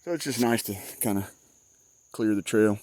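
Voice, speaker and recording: A man's voice: on the low side, moderate pace, a little mellow. A middle-aged man with a Southern US accent talking casually and folksily outdoors by a wooded trail, sweaty and a bit shaky after yard work. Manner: folksy, chatty, self-deprecating. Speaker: outdoors vlogger. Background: insects and crickets.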